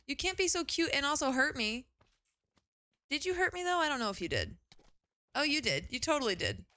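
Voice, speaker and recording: A young woman streaming a game, chatting casually and gushing with excitement, often exclaiming and swearing. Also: high-pitched, fairly quick, pauses often, no room sound. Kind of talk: casual live gaming commentary.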